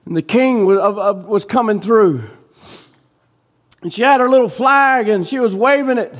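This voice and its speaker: Male pastor, very high-pitched, delivers a sermon in shouting bursts with quiet dips. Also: normal speed. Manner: shouting preaching cadence that drops low and soft. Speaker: preacher.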